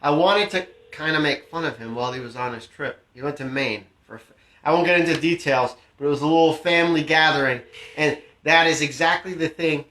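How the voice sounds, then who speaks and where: A man's voice: a little high, brisk, bright, forceful tone. A man co-hosting a podcast at home, chatting casually with laid-back, laughing banter. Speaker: podcast co-host. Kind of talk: casual chat. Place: room at home. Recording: roomy echo.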